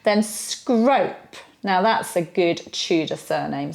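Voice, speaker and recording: A woman's voice: medium pitch, sing-song, measured pace, few pauses. A middle-aged British woman hosting a casual history video, chatty and playful with wry asides. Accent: British English. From Britain. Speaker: history channel host. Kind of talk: casual educational talk to camera.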